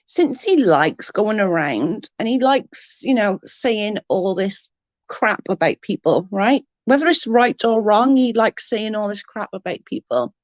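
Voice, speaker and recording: A woman's voice: mid-range voice, sing-song, unhurried, dry recording. A woman, ranting bluntly and mockingly as an online commentator, full of profanity. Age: 30s. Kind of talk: ranting live-stream chat.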